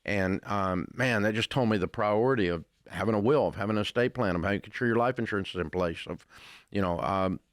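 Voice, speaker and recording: A man's voice: lowish voice, fairly quick, no room sound, clean studio sound. An older man with a Southern American accent, answering interview questions with folksy, blunt storytelling. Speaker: radio host, interviewee.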